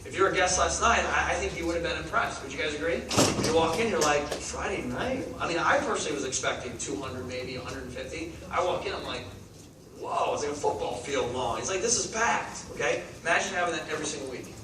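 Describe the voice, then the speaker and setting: An energetic man in his thirties gives a motivational talk, rattling off points and checking in with the crowd. His fairly high voice carries from a distance through a very echoey hall, with steady noise underneath. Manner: energetic, rapid-fire, asks the crowd questions. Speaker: network marketing speaker. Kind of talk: motivational talk to a live audience. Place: large meeting hall.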